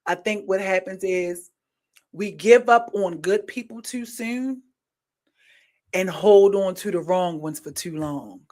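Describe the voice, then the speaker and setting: A woman podcast host in casual commentary, animated and preachy, rambling with slang. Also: medium pitch, takes it slowly.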